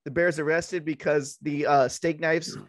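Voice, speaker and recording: A man's voice: a little high, steady tone, unhurried, dry recording, studio quality. A man co-hosting a podcast in casual comedic chat, rambling with many fillers and frequent giggles. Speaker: podcast co-host.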